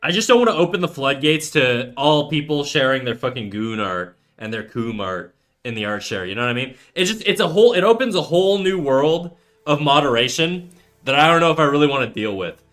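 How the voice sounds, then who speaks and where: A man's voice: mid-range voice, animated, fairly quick, fairly bright tone. A man in his thirties hosting a drawing livestream, chatting casually and profanely as he reads chat aloud. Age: 30s. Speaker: art livestreamer.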